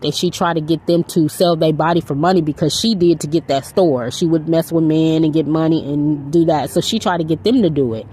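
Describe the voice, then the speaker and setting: Woman faith vlogger with a lowish voice, casual and earnest, telling the story in a loose ramble. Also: mellow, slightly rough. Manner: rambling and earnest, with frequent "you know". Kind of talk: casual storytelling, retelling a film.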